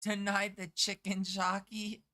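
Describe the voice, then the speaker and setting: A woman's voice: medium pitch, flat delivery, unhurried, bright, forceful tone. A woman game streamer chatting casually on a live stream, swearing freely and answering her chat.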